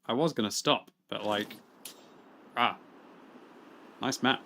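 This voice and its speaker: A man, chatting and laughing through live gaming stream commentary, with excitable outbursts. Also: medium pitch, slow pace, creaky, slight background noise. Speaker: game streamer.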